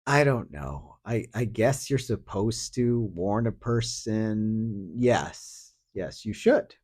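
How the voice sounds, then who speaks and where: A man's voice: on the low side, expressive, takes it slowly, darkish tone. A man hosting a podcast alone, talking through a story in a casual, profane, sardonic ramble full of fillers. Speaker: podcast host. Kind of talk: casual solo commentary.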